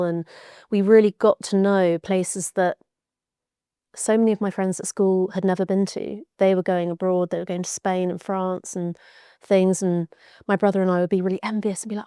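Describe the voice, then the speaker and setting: Smooth-voiced woman telling stories. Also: mid-range voice, mellow, no echo, clean studio sound. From Devon, England (born in Georgia, USA). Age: young adult. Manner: reflective, chatty storytelling with fillers. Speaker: guest, author and science communicator. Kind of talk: podcast interview.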